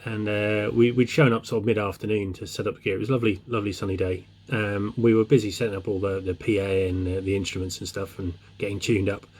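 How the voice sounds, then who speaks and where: A man's voice: lowish voice, flat delivery, fast talker, hardly any pauses, darkish tone. A man telling a joke as a chatty, meandering anecdote. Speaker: joke teller.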